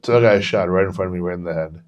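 Low-voiced man rambling through a story. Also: racing, a little mellow. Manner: rambling, swears freely, repeats himself. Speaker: podcast co-host. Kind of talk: casual storytelling to a friend. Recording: dull lo-fi podcast audio.

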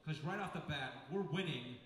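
Higher-voiced man, profane comic storyteller. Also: a bit bright. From United States. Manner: brisk, profane, punchline-driven delivery. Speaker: comedian telling a story on stage. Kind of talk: live comedic storytelling. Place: large venue with live audience. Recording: echoey hall from far off with crowd.

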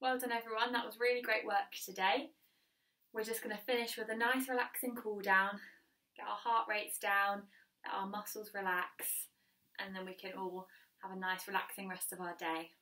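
A woman's voice: mid-range voice, fairly even intonation, normal speed, bright, forceful tone, recorded from a distance. A woman with a Northern English accent leading a chair-based exercise class, upbeat and encouraging as she counts out the moves. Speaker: fitness instructor.

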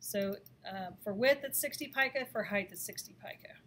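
A woman teaching a design software lesson, talking through each step in a chatty way with frequent fillers. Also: mid-range voice, normal speed, a little hiss or hum. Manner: chatty, thinks aloud with fillers. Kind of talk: screen-recorded software lesson.

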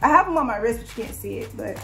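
A woman's voice: fairly high pitch, fast talker, vocal fry, soft background music. Chatty young woman telling a story. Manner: chatty, lots of "like", excited retelling. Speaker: vlogger. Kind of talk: casual storytime.

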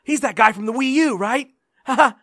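A man's voice: extremely high pitch, moderate pace, fairly bright tone, no room sound, clean studio sound. A man playing a naive, polite nineteen-year-old fighter in a comedy sketch, speaking earnestly and innocently.

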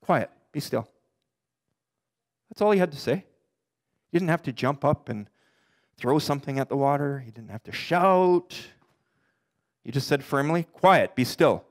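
A middle-aged pastor preaching a sermon earnestly, his voice climbing for emphasis and sinking low for the darker points. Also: expressive. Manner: earnest preaching, rising and dropping in pitch for emphasis; quotes scripture in slow deliberate voice.

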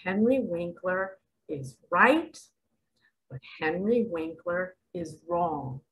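A woman giving a dramatic preaching monologue to camera. She asks rhetorical questions and swings between hushed asides and loud exclamations. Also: fairly low pitch, animated, takes it slowly, rough recording. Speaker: self-styled spiritual guide.

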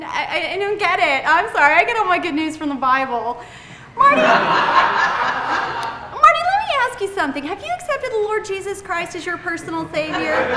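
A woman's voice: very high voice, very noisy, voice pushed up. A woman voicing a sugary, pious churchgoing woman who talks in a gushing, overly sweet, preachy way. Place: comedy club stage. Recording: echoey club room.

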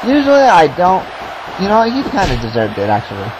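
A man giving casual play-by-play commentary on a wrestling game, excitable and swearing, shouting at big moves. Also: high-pitched, a little fast, noisy background.

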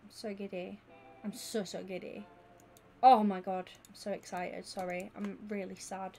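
A woman, chatting casually and excitably with viewers during a gaming stream. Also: mid-range voice, normal speed, a little hiss or hum. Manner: excitable and gushing, chatting with viewers while she plays. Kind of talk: casual live-stream chat.

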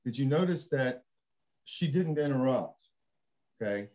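A man hosting a casual panel discussion, animated and laughing as he acts out quotes. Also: mid-range voice, measured pace. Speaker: panel host.

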